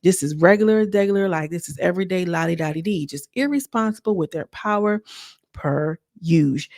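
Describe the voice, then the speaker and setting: A woman's voice: fairly low pitch, brisk, darkish tone, no room sound, clean studio sound. A woman reviewing a reality TV show in a casual, chatty recap, talking straight to her viewers. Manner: chatty, talks straight to viewers, acts out quotes.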